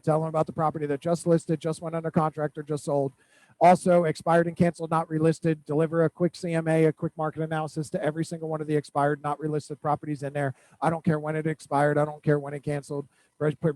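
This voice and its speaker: A man's voice: fairly high pitch, fast, rough recording. A man coaching a real estate team at a weekly accountability meeting, giving direct, repeated instructions. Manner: direct, repetitive instructions with animated storytelling.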